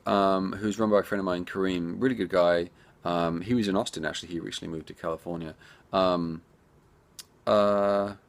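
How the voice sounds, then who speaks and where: Low-voiced man in chatty viewer Q&A. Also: creaky. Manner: chatty and rambling, talks straight to viewers. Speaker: indie game developer answering viewer questions. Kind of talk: casual Q&A chat.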